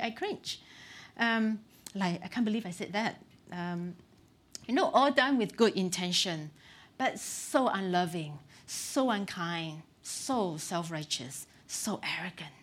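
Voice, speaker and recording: A woman's voice: medium pitch, fairly bright tone. A middle-aged woman pastor giving a conversational sermon, candid and self-deprecating, with frequent "um" and "you know.".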